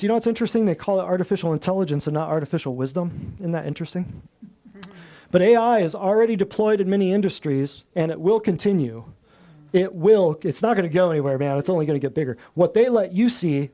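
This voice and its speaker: Speaking to a live crowd as host of a natural health talk, this man has a fairly high, mellow voice. His delivery is blunt and preachy, full of folksy slang and long lists hammered home with emphasis.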